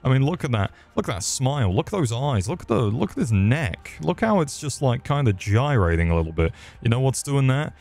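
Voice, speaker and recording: A man's voice: medium pitch, very animated, brisk, hardly any pauses, a little mellow. A man giving crude, rambling comedic commentary while he plays a video game. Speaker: gaming streamer. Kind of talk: profane comedic gameplay commentary.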